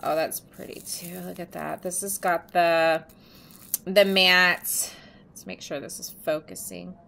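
Slow, bright-voiced woman vlogger. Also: fairly low pitch, fairly even intonation, creaky. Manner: chatty, many ums, gushing. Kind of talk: casual show-and-tell vlog. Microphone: camera mic.

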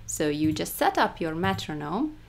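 A woman's voice: fairly low pitch, very animated, moderate pace, gravelly. A woman with a Hungarian accent teaching a rhythm lesson, counting the beats aloud and stressing the first. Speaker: music teacher.

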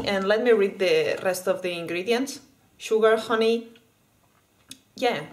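A woman's voice: medium pitch, slight background noise, rough recording. A woman from Spain in a casual vlog, chatting and eating as she tries candy, often restarting her words. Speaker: vlogger.

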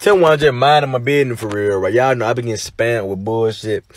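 A young man, talking in casual comedic commentary, animated, slangy and quick to laugh and swear. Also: medium pitch. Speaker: content creator.

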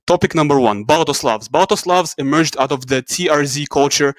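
A man's voice: on the high side, a little fast, no room sound. Man giving a casual lecture. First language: Russian. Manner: casual, explains with asides and self-corrections. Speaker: YouTube channel host. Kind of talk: educational talk.

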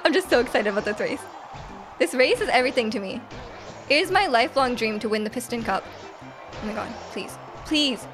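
A woman streaming a video game live, excitable and quick to laugh, reacting to her play and reading chat aloud. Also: a little high, over music.

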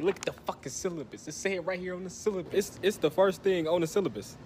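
Exasperated man scolding fast. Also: high voice, darkish tone, slight background noise. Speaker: comedy skit performer. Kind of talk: comedy sketch.

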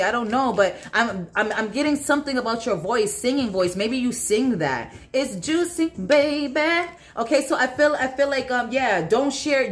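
A woman doing a solo tarot reading, talking straight to the viewer in a halting, repetitive way, often swearing and asking aloud for cards. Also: fairly high pitch. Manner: blunt and profane, talks straight to the viewer; halting, repeats herself, asks aloud for cards. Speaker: tarot reader.

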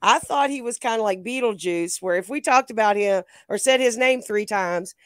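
A woman's voice: medium pitch, normal speed, dry recording. A woman co-hosting a live chat, teasing her co-host and laughing often. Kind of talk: casual chat.

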